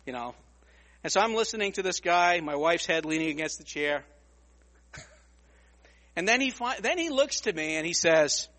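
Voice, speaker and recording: Male preacher, high and animated, storytelling delivery, stumbles and repeats words. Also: moderate pace, long pauses, big-room sound. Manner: animated, repeats words, acts out other people's lines. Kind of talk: storytelling sermon.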